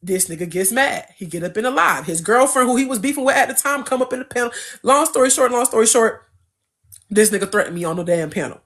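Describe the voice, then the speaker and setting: A young adult woman as an interview guest, telling a story in a casual, animated, profane and emphatic way. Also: a little high, fast talker.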